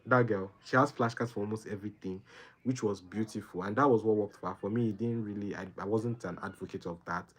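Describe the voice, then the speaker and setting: A man's voice: fairly low pitch, fast. Man giving casual study advice. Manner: repeats phrases and checks in with "right?". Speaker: medical doctor and video host.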